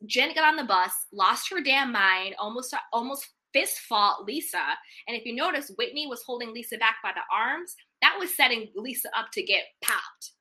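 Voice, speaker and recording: A young woman with a very bright, ringing voice, talking with sass and emphasis. She sits a little high in pitch and keeps the chat casual and lively. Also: moderate pace, few pauses. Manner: animated, sassy, emphatic. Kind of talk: casual reality-TV gossip chat.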